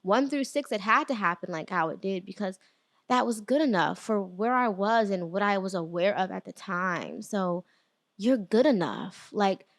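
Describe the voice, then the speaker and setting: A woman hosting a solo podcast, talking through ideas in an earnest, conversational way, often restarting phrases and slowing down for emphasis. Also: mid-range voice, expressive, dry recording, studio quality. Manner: earnest, conversational, faith-inflected encouragement; frequent fillers and restarts, quick bursts then slow emphasis. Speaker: podcast host. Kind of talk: solo motivational podcast talk.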